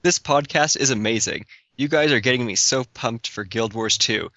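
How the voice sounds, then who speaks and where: A man co-hosting a podcast, with a bright, forceful voice. He laughs easily and likes to tell anecdotes. The audio is dry and somewhat dull. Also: medium pitch, moderate pace, no echo. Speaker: podcast co-host. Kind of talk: casual podcast chat.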